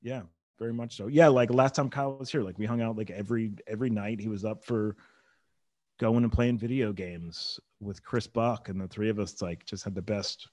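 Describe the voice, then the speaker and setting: A man's voice: fairly low pitch, steady tone, moderate pace, darkish tone, no echo. A man from North Carolina, a comedian guest chatting on a podcast, rambling and full of restarts. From Charlotte, North Carolina. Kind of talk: casual podcast conversation.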